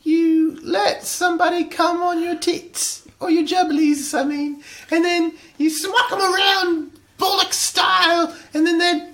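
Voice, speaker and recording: A woman's voice: very high voice, steady tone, a little slow, fairly bright tone, voice pushed up, full character voice. A woman putting on an exaggerated mock British accent, playing a brash, silly British lady. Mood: bawdy.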